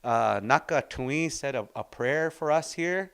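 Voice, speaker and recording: A man teaching an informal language class in an unhurried, reflective, storytelling way. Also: fairly high pitch, creaky, fairly bright tone, clean tone.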